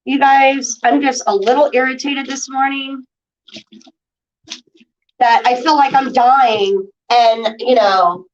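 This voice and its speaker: A woman's voice: high-pitched, steady tone, slow, slight background noise. A woman ranting to her viewers on a livestream, irritated and swearing. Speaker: vlogger. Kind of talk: casual livestream talk to viewers. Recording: distant dull lo-fi audio.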